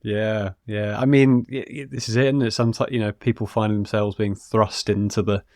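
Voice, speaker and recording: A man from the UK hosts a casual interview in a low voice, hesitant and stumbling over his words before his questions. The sound is dry and close, with no room around it. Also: fairly even intonation, a little fast, darkish tone, dry recording. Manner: hesitant, repeats words, laughs along. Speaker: podcast host.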